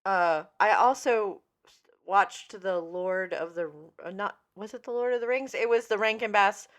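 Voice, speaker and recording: A woman's voice: medium pitch, normal speed. A woman co-hosting a podcast, telling anecdotes in casual chat and laughing often. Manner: chatty storyteller, frequent laughs and restarts. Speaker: podcast co-host.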